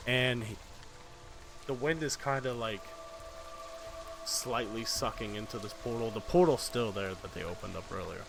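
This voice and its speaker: A man narrating as game master of a tabletop role-playing game in a relaxed, conversational way. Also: fairly low pitch, moderate pace, creaky, long pauses, a little hiss or hum.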